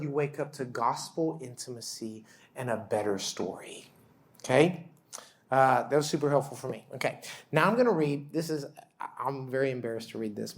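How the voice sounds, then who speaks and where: A man's voice: a little high, creaky. A man in his thirties giving a sermon-style talk at a conference, telling stories animatedly and joking at his own expense. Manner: animated storyteller, self-deprecating humor, acts out quotes. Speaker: conference speaker.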